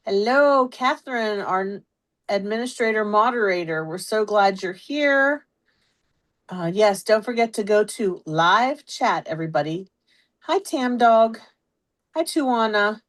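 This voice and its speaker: A woman's voice: medium pitch, lively intonation, a little slow. A woman with a Pittsburgh accent hosts a live craft stream, chatting casually and greeting viewers by name. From Pittsburgh, USA. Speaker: host of a live stamping stream.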